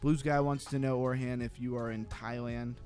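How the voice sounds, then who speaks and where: A man's voice: medium pitch, little pitch movement, normal speed, a little mellow, faint music behind. A man hosting a livestream, giving blunt, skeptical commentary and reacting to viewer comments in a casual chat. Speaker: crypto livestream host.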